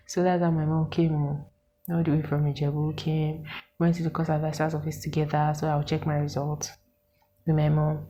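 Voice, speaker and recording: A Nigerian woman in her twenties, telling a story to her viewers in an animated, exasperated way and asking them questions. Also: sits low, normal speed, muffled recording, a little hiss or hum. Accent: Nigerian English with Pidgin words. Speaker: vlogger. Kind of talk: casual storytelling to camera.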